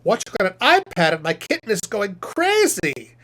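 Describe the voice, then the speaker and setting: A man voicing a chatty, self-satisfied male puppet professor who hosts a live stream, reading chat questions aloud and rambling through them with deadpan jokes. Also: high voice, moderate pace, voice pushed up, full character voice.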